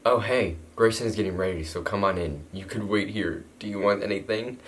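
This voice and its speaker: A man with a deep, low voice reads a story aloud and plays out its parts. He keeps stopping to poke fun at the writing with amused asides. A faint hiss sits under his voice. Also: brisk. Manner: amused, mocking asides between read passages. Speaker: YouTuber reading a fanfiction about himself. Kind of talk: reading aloud and reenacting a story with joking asides.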